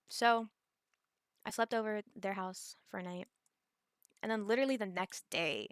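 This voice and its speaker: A woman's voice: medium pitch, fairly bright tone, no room sound, studio quality. A young woman, telling a personal story in a casual vlog, rambling with many fillers and restarts. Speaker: vlogger.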